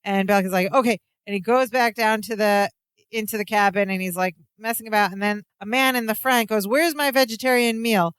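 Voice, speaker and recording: Smooth-voiced podcast co-host. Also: medium pitch, no room sound. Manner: animated retelling, acting out lines in quick voices. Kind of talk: casual recap of a sitcom episode.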